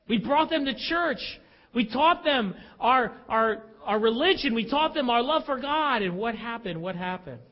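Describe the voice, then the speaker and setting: A man's voice: very high-pitched, lively intonation, a little slow, long reverb tail, muffled recording. A male pastor preaching an emphatic, confessional sermon full of rhetorical questions.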